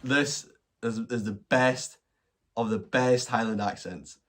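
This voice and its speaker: A man's voice: medium pitch, fairly even intonation, slow, a little hiss or hum. A man with a Scottish accent hosting a casual livestream Q&A, rambling with many restarts and some swearing. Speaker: livestream host answering questions. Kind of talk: casual chat.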